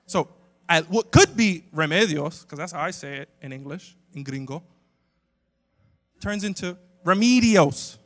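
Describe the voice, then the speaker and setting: A man preaching a humorous sermon to a congregation, animated and swinging between loud exclamations and quiet asides. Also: a little high, normal speed, pauses often. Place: church sanctuary with a live congregation. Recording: long hall reverb from a church sanctuary.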